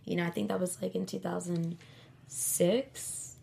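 A chatty woman in her thirties, talking as an interview guest. She tells her story with lots of fillers, and her voice jumps up high and loud whenever she acts out what someone said. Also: measured pace, gravelly, a little hiss or hum. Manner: chatty storyteller, acts out quoted lines in high animated bursts. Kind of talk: casual interview chat.

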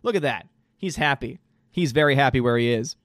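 A man casually live-streaming, reading chat aloud and reacting in an animated way, throwing in lots of "dude" and "man.". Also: mid-range voice, fairly quick, no echo, clean studio sound. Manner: animated, exclaiming, says "dude" and "man" a lot.

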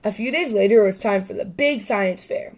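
A woman reads a children's picture book aloud as the host of a story podcast. Her voice sits in a middle pitch, and her manner is bright and lively. She gives small voices to the characters as she goes. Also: a little fast.

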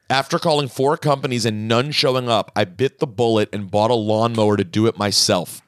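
A man's voice: on the low side, moderate pace, no room sound. Dry-sounding man hosting a podcast. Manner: animated, reads listener emails aloud. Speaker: podcast host. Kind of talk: casual chat, reading mailbag.

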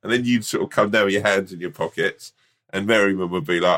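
This podcast co-host has a deep, somewhat bright voice and talks fast. In a casual chat he tells playful stories, puts on voices for the characters and laughs a lot.

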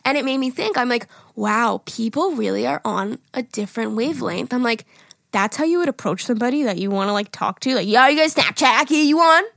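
A woman's voice: fairly high pitch, brisk, vocal fry, dry recording, clean studio sound. A woman in her twenties co-hosting a podcast, telling stories in casual chat with frequent laughs and swearing. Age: 20s. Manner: animated storytelling, laughs often, swears. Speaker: podcast co-host.

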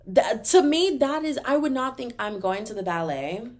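A young adult woman from Texas with a Texan accent, hosting a podcast in a casual, animated solo rant full of fillers. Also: fairly high pitch. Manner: animated, exasperated, talks fast with many fillers. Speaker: podcast host.

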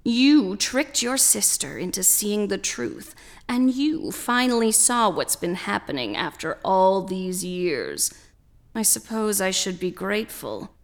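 A woman's voice: medium pitch, big pitch swings, slow. A woman voicing a cruel, gloating half-vulture demon that cackles and howls its threats. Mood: menacing.

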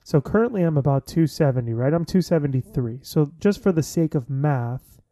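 A man's voice: a little high, animated, normal speed, mellow, no echo, clean studio sound. A man in his thirties chatting casually to his listeners, jokey and full of fillers. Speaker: vlogger.

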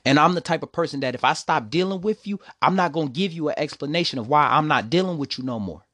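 A man's voice: a little high, lively intonation, fast talker, fairly bright tone, no room sound, clean studio sound. A young man telling a personal story, emotional and preachy. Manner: emotional, preachy, repeats "see, the thing is".

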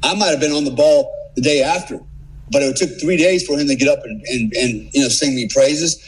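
Husky-voiced man telling a war story. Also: mid-range voice, brisk, poor audio. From United States. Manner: animated, swearing, acts out quotes. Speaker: podcast guest, former special forces operator. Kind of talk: casual storytelling.

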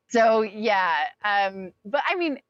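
A woman in her forties telling a personal story as an interview guest, animated and talkative, acting out what people said. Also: on the high side, extremely slow, no room sound, dull audio. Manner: animated, talkative, acts out quotes.

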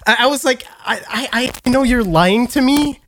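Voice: mid-range voice, normal speed, a little hiss or hum. A young adult podcast co-host telling anecdotes in casual banter and acting out what others said. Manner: animated storyteller who acts out quotes.

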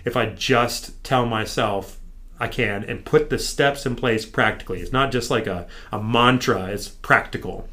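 A man's voice: mid-range voice, moderate pace. An American man, a podcast guest, telling his story in casual chat and acting out what his trainer told him. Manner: animated, acts out his trainer's lines.

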